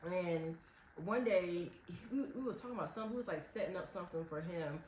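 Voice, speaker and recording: A young woman co-hosting a casual podcast, talking fast and packing her sentences with fillers. Her pitch is ordinary. Her voice carries a roomy echo over a faint hiss. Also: a little mellow. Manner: fast, chatty, full of fillers like "like". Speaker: podcast co-host. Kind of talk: casual chat. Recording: echoey room with faint noise.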